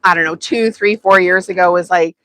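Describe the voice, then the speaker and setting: A woman's voice: on the low side, steady tone, a little fast, fairly bright tone. A woman hosting a sewing livestream, chatting casually with viewers and laughing often. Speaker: sewing channel host.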